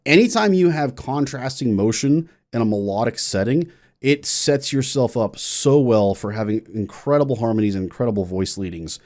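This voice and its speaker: A man's voice: medium pitch, lively intonation, normal speed, a little mellow. A man, a music teacher, giving an enthusiastic casual reaction and music analysis, explaining theory in plain terms with frequent restarts.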